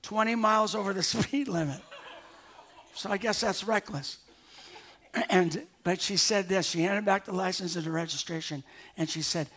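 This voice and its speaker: A pastor preaching a sermon, telling a personal story in an animated way and chuckling at himself as he goes. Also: sits high, moderate pace. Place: church sanctuary.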